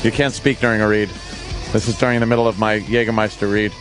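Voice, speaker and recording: A man's voice: fairly low pitch, little pitch movement, fast talker. Brash male radio host, jokey live reads, faint music under him. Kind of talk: live ad read and banter.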